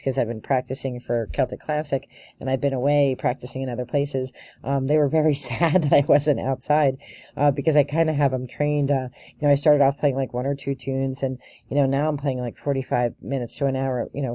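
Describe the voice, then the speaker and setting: Brief: woman vlogger, relaxed storyteller, warm low-key tone, dry close sound. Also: no room sound. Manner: chatty storyteller, laughs often, many fillers. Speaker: bagpiper and vlogger. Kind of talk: casual chat.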